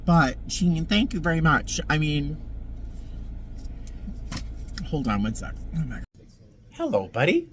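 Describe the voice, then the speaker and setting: A man's voice: on the high side, sing-song, slow pace, long pauses, fairly bright tone, slight background noise. A man, a flight attendant, telling a story in a casual vlog. He talks in an emotional, dramatic way, with sudden emphatic swings.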